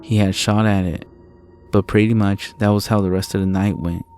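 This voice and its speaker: A man with a very deep voice reads a first-person horror story, swearing often. His delivery is level and flat, barely rising or falling. A soft music bed plays behind him. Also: moderate pace. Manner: low, steady storytelling with frequent swearing.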